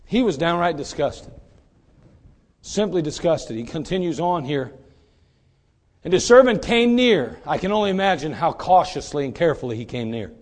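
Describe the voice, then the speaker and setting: A man preaching a sermon, dramatic, acting out scripture figures and swinging between loud and hushed delivery. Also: a little high, expressive, normal speed.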